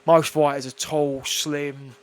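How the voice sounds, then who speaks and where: A man in a casual interview, talking bluntly and swearing often, telling stories with animated put-on voices. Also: fairly high pitch, slow pace. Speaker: guest kickboxer.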